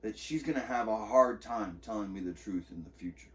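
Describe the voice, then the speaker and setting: Guy ranting into his podcast mic, low voice, sounds kinda far from the mic. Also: a little fast. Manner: candid, profane, agitated retelling. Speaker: podcast host. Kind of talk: personal monologue.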